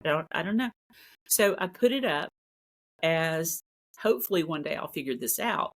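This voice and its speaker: A woman with a fairly low voice recounts a paranormal encounter in a casual, earnest manner. She circles back on her phrases for emphasis as she talks. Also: expressive, moderate pace. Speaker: paranormal investigator guest. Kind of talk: casual storytelling.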